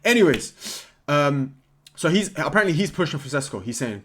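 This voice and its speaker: A young man, giving an excitable, jokey football vlog and cutting himself off mid-thought. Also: a little high, normal speed, husky. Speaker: football content creator.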